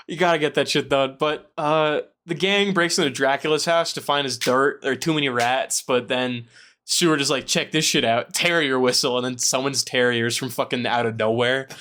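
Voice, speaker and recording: A man's voice: mid-range voice, fairly even intonation, moderate pace, a bit bright. A man hosting a casual book podcast, swearing a lot and joking as he sums up the chapter. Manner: profane, jokey, acts out characters in quotes. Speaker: podcast host.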